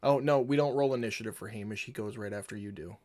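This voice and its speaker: A man's voice: lowish voice, fast, darkish tone. A man running a tabletop game online as game master, explaining rules in an easygoing, patient way.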